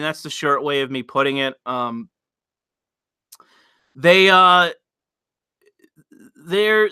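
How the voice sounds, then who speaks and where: A man with a high, bright, forceful voice rants on his livestream, rambling and swearing as he answers the chat. He tries to provoke his viewers on purpose. His desk mic is close, and the sound is dry. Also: clear, resonant tone, no room sound. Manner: rambling, profane, deliberately provocative. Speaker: livestream host reading chat. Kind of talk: casual livestream rant.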